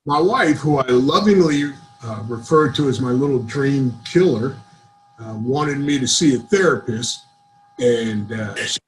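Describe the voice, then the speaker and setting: A man's voice: mid-range voice, animated, measured pace, a little hiss or hum, low-quality recording. A man doing a stand-up set of one-liners over a video call, with dry setup-and-punchline delivery. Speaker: stand-up comedian.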